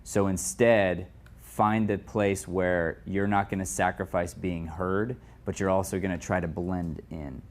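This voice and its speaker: A man coaching actors in an acting studio, giving quick direct notes between takes. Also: deep voice, steady tone. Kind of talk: live coaching in an acting class.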